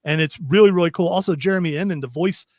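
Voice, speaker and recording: A man's voice: high-pitched, fast talker, darkish tone, no echo. A man hosting a radio talk show, rambling and chatty with lots of restarts, speaking into a studio microphone.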